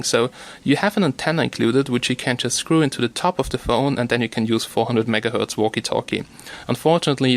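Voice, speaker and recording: رجل يتحدث بعفوية في فيديو فتح صندوق. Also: male voice, medium pitch. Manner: chatty, loose, thinks aloud with fillers. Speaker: tech video host. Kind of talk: casual unboxing talk.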